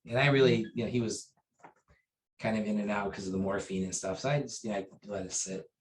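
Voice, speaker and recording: Low-voiced man telling a story. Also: steady tone, fast, slight background noise, poor audio. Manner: rambling, with many fillers and restarts; acts out quoted dialogue with raised pitch and volume. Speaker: martial arts instructor, interview guest. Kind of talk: conversational storytelling in an interview.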